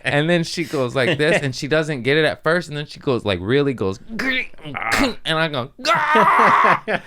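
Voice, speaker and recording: A man's voice: fairly high pitch, normal speed, very noisy. A young adult man tells a story in a casual podcast chat. His voice swings widely up and down as he acts out the people in it, yelping and cursing along the way. The talk is loose and comic. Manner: animated, profane, acts out quoted voices and yelps. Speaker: podcast host.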